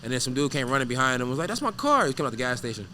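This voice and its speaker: Fast, bright-voiced man telling wild stories. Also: medium pitch, a little hiss or hum. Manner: animated, profane, loose storyteller who acts out scenes. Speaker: guest fighter. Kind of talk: casual storytelling interview.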